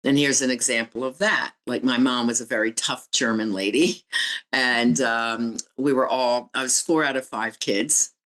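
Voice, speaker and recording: A woman's voice: very deep voice, fairly even intonation, a little slow, a bit bright, rough recording. Woman, podcast guest, candid reflective storyteller. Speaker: guest, relationship coach and author.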